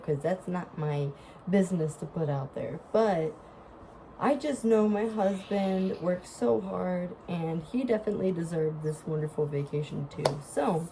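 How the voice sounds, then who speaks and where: A woman's voice: lowish voice, mellow, a little hiss or hum, poor audio. A woman vlogger with a stuffed-up nose, chatting casually to her camera, apologetic and laughing often. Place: vacation lodging.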